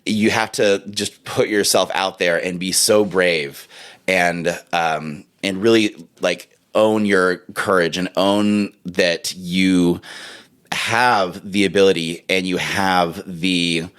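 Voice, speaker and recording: Deep-voiced earnest male horn teacher. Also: steady tone, takes it slowly, a bit bright, clean tone. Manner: rambling, earnest, heavy use of "like"; openly emotional. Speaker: horn teacher and podcast co-host. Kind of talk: casual podcast chat.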